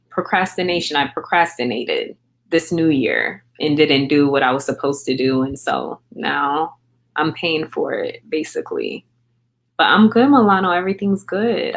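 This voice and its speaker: Low-voiced woman chatting on a livestream. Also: expressive, measured pace. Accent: American. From grew up in England on a US military base. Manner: chatty, greets viewers by name and answers chat comments. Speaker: livestream host. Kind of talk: casual livestream chat.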